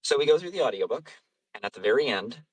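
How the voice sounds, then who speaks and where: A man's voice: mid-range voice, expressive, fast, no room sound, distant mic, low-quality recording. A man, an audiobook narrator and voice actor, chatting casually in an interview, rambling and self-deprecating, laughing often. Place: home vocal booth.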